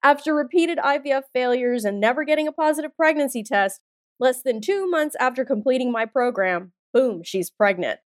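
A woman's voice: sits high, expressive, moderate pace, no room sound. A woman in her forties hosting a motivational podcast, talking in an emphatic, blunt and punchy way with plenty of swearing. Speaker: podcast host. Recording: dry studio sound with faint music.

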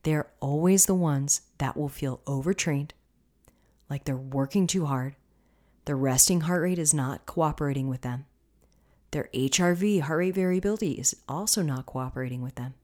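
A woman with a low, darkish voice hosts a podcast as a coach, speaking at a moderate pace. She talks casually and with passion, swears freely, and now and then drops to a whisper.

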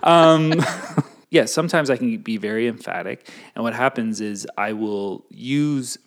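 A man co-hosting a relaxed conversation, animated and acting out voices in his stories. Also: lowish voice, normal speed. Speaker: podcast co-host. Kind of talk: casual chat.

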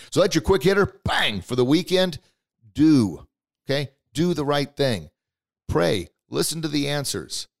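A man's voice: medium pitch, vocal fry. Punchy motivational podcast man. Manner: energetic, acts out voices in stories; punchy, repeats short phrases for emphasis. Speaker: podcast host.

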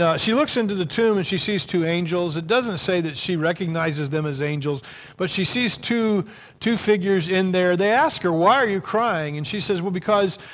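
A pastor preaching a sermon, reading scripture aloud and then retelling the story in a relaxed, conversational way. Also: male voice, on the high side. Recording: long reverb of a large hall.

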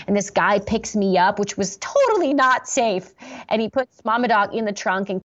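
A woman's voice: medium pitch, lively intonation, moderate pace, lo-fi sound. A woman pastor telling a personal story in an interview, earnest and reflective, with many fillers and restarts.

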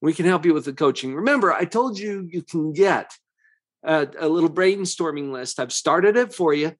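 A man hosting a parenting podcast, explaining calmly and slowing down to stress key words. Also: a little high. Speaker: parenting coach and podcast host. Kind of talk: podcast monologue.

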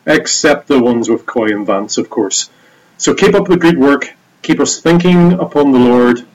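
A man's voice: mid-range voice, poor audio. A man leaving a teasing, dry-humored voicemail for a podcast. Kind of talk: voicemail message.

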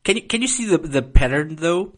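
A man's voice: a little high, lively intonation, a little fast, fairly bright tone. A man co-hosting a casual gaming podcast, dropping wry, joking asides. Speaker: podcast co-host.

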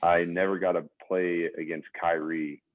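A young adult man, a former pro basketball player, telling stories as a guest in a relaxed casual podcast interview, over a tinny phone-like line. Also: low-pitched, normal speed, no echo. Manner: relaxed storytelling with fillers.

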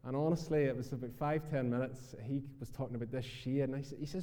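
Dark-voiced Northern Irish minister preaching. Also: male voice, mid-range voice, steady tone, quick pace, in a large hall. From Northern Ireland. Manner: conversational preaching with frequent "uh" fillers. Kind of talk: sermon. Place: church.

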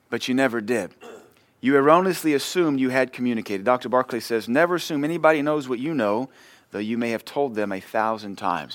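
A man's voice: mid-range voice, fairly bright tone, no echo. A man pastor giving a sermon in a conversational way, acting out short everyday exchanges. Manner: conversational preaching, acts out short dialogues.

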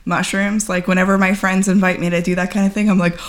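A woman speaking as a podcast guest, earnest and candid. Her talk is halting, strung together with many "like" fillers, and her pitch sits in an ordinary middle range. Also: level tone, very noisy. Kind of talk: candid personal account in conversation.

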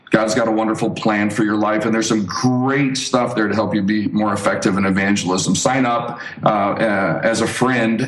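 A man being interviewed as a street evangelist, telling a story with animated energy and frequent restarts. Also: on the low side. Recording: roomy echo.

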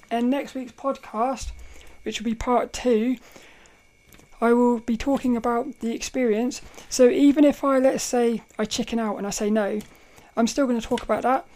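A woman hosting a casual solo podcast, telling a story in a rambling, animated way, often laughing and restarting her sentences. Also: a little high, moderate pace. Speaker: podcast host.

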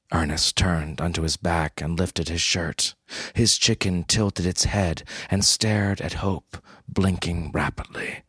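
A man reads a story in a deadpan, unhurried way. His voice is very low and husky, recorded dry. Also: no room sound. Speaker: narrator. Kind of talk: scripted story narration.

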